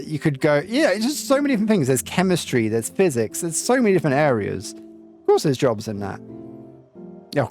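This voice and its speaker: A man streaming a game and chatting with live viewers, rambling and reflective with lots of ums. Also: fairly high pitch. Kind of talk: casual chat with live viewers while playing. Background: faint game music.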